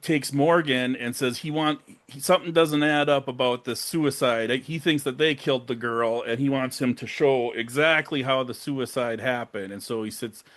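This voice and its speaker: A man's voice: mid-range voice, normal speed, few pauses, a bit bright. A young man co-hosting a casual podcast, animatedly retelling scenes and acting out characters' lines with plenty of swearing. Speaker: podcast co-host. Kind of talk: casual movie recap chat.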